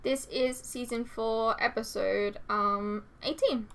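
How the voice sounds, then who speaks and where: A woman's voice: on the high side, fairly even intonation, slow pace, fairly bright tone. A young woman hosting a reaction channel, chatting casually with many fillers and reading out viewer comments.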